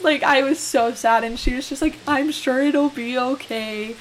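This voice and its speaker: A woman's voice: sits high, measured pace. Giggly young woman telling a story. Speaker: podcast co-host. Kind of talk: casual storytelling chat. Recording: faint hiss.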